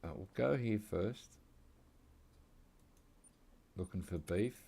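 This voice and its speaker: A man's voice: deep voice, slow pace, creaky, warm tone, slightly rough. An Australian man rambling casually while he plays a hunting game, drifting into side chat. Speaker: gaming channel host. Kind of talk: casual gameplay commentary.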